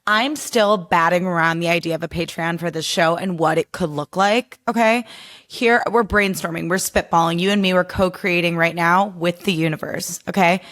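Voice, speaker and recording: A woman hosting her podcast in a casual pop culture chat, animated, profane and full of "like" and "okay?". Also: lowish voice. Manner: animated storyteller. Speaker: podcast host.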